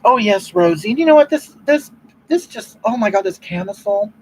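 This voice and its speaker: Playing a sanctimonious older woman hosting a livestream, a performer improvises a comic, gushing monologue about love, reading the chat as she rambles. The delivery is expressive and brisk, close to an everyday voice with a darkish tone, pitch swooping up and down and "you know what?" on repeat. The low-quality recording has a little hiss or hum.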